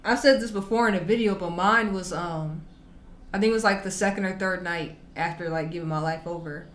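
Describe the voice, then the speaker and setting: A woman's voice: on the low side, fairly quick, a bit bright, slight background noise. A woman hosting a reaction video, telling her own story in a chatty, slangy, laid-back way. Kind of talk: casual reaction commentary.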